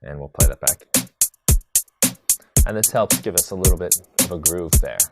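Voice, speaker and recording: A man teaching a live tutorial on drum sequencing, chatty and relaxed, answering viewer questions as he demonstrates. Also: low-pitched, moderate pace, creaky, loud music behind the voice. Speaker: music production instructor.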